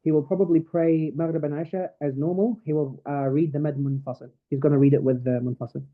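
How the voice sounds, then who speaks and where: A man's voice: a little high, level tone, quick pace. A man teaching a Quran recitation class online, explaining patiently step by step and reciting verses as examples. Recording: tinny phone-like call audio.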